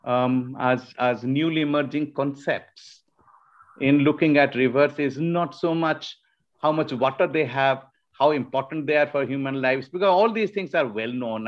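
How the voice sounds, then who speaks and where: A man from northeast India giving an academic webinar talk, pausing often and restarting his sentences. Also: medium pitch. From Shillong, Northeast India. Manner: hesitant, frequent restarts and fillers. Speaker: webinar speaker. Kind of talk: academic lecture. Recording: muffled online webinar audio.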